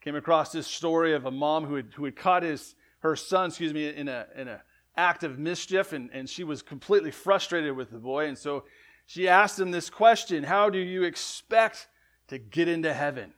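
A man preaching a sermon in a conversational way, often asking "right?", correcting himself, and swinging between loud emphatic lines and quiet ones. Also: fairly high pitch, moderate pace. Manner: conversational, frequent "right?" asides and self-corrections. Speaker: pastor.

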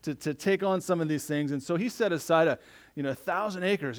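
A man preaching a sermon in a slightly higher voice than most men. He talks conversationally, often tossing quick check-in questions at his listeners as he goes. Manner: conversational, frequent tag questions. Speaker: pastor.

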